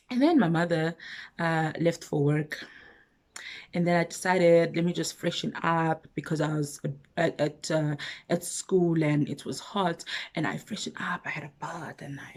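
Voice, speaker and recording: A young South African woman vlogger telling a personal story in a casual, animated way, acting out both sides of a conversation. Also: on the low side, measured pace, long pauses.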